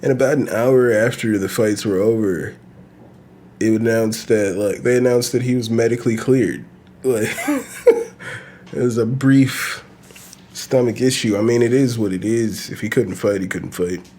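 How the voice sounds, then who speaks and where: A man's voice: medium pitch, measured pace, warm tone, slight background noise. A man hosting his own podcast, talking casually and profanely in a loose, rambling way with bursts of laughter. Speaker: podcast host. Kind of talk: casual solo podcast rant.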